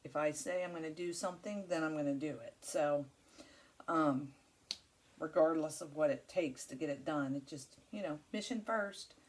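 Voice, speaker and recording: A woman's voice: low-pitched, normal speed. A woman hosting her crafting channel, chatting casually while she works, rambling and friendly with many fillers.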